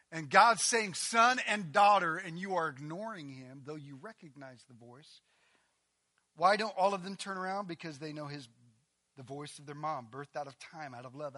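A man preaching a sermon as pastor, talking conversationally with quick asides, swinging from loud emphatic lines to hushed, near-whispered ones. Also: sits high.

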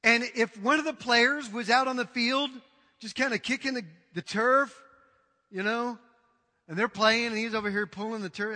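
A male pastor delivers an emphatic, dramatic sermon in a high, ringing, bright voice. His words echo with a long reverb through a church hall. He often breaks into acted-out quotes. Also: moderate pace.

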